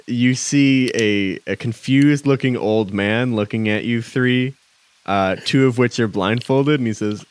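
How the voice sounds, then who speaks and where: A man with a medium-pitched voice narrates a tabletop game as its game master. He speaks haltingly, with many ums and restarts, over slight background noise.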